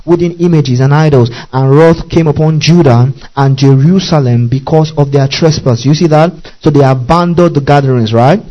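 A man preaching a sermon as a pastor, reading scripture slowly and deliberately and checking in with the congregation again and again. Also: fairly high pitch, warm tone. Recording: dull lo-fi recording.

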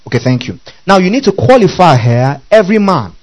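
A man's voice: high-pitched, big pitch swings, fairly quick, rough recording. Preacher checking his hearers follow. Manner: keeps checking the audience follows, repeating questions. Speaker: preacher teaching the Bible. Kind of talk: sermon.

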